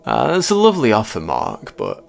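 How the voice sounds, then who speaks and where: A polite, uneasy newcomer, hesitant and full of little fillers. A male storyteller gives him his own deep, gravelly voice, only a touch lifted. He sounds courteous but cornered. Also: wildly swooping pitch, moderate pace, soft background music, full character voice. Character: polite, uneasy young British man newly moved.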